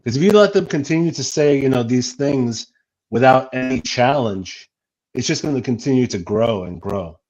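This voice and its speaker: A man's voice: medium pitch, lively intonation, moderate pace, a little mellow. A man talking earnestly as a guest in a casual livestream chat, with many restarts. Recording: dull lo-fi audio.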